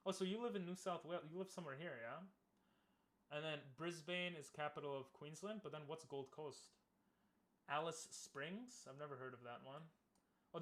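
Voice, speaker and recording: A man's voice: fairly high pitch, a bit bright. A man streaming, chatting casually and easygoingly with his viewers, laughing often.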